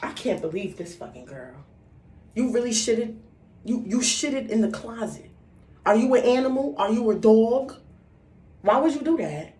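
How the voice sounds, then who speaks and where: A woman voicing an angry mother who yells and curses at her child. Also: expressive, moderate pace, pauses often, far from the mic, a little hiss or hum, lightly acted. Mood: appalled. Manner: yelling, cursing, shrill. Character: furious scolding mother, adult woman. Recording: roomy, set back from mic.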